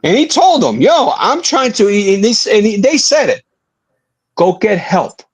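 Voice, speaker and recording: A man with a high, lively voice gives earnest commentary on a wrestling podcast. He stretches out words for emphasis and swings his pitch up and down as he makes his case. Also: slightly rough. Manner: earnest, drawn-out emphatic delivery. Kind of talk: casual opinion commentary.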